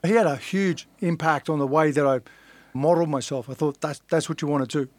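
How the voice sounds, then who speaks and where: Middle-aged Australian man, somewhat high voice, blunt storyteller who swears and acts out quotes, dry close mic. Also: a little fast, a little mellow, no room sound. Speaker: podcast guest, fighter. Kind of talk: casual storytelling.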